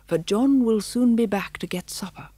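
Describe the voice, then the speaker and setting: A woman voicing a kindly old male spaniel who speaks softly and warmly, in an audiobook reading. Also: fairly high pitch, moderate pace, husky, dry recording, voice pushed up. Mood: fatherly. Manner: soft, fatherly, sometimes whispered.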